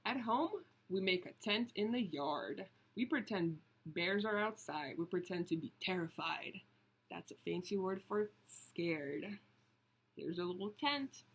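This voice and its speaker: A woman reading a picture book aloud, slow and deliberate, stopping to point out the pictures. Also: on the low side, animated, husky. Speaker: storybook reader.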